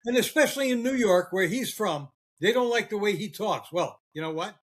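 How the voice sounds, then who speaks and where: High-voiced older man ranting on a podcast. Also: lively intonation, fairly bright tone. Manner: heated ranting with swearing and halting fillers. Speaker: podcast host. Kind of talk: casual political chat.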